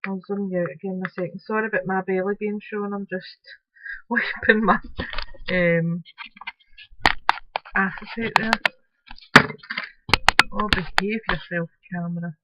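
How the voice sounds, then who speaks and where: A Scottish woman, a crafting vlogger, narrates a casual craft tutorial at home in a chatty way, adding apologetic asides as she works. Her mid-range voice has fairly even intonation and an unhurried pace with long pauses. A close-up camera mic captures dull, dry home audio with heavy background noise.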